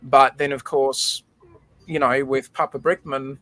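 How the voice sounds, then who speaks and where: Brief: man, stream host, chatty and earnest, mid-pitched voice. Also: level tone, a little slow, bright, forceful tone, no echo. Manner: emotional storytelling, repeats words. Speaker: livestream host. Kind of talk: casual chat.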